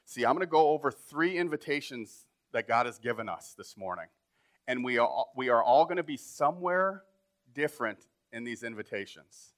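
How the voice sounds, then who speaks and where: Pastor, slightly high voice, preaching informally and pressing his points. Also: fairly bright tone. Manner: conversational preaching, rising to emphatic. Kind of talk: sermon.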